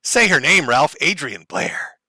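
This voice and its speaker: Male streamer host, crude mocking commentary, bright tense tone, dry close sound. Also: fairly high pitch, expressive, measured pace, dry recording. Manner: mocking, crude, laughs often. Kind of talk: profane comedic commentary.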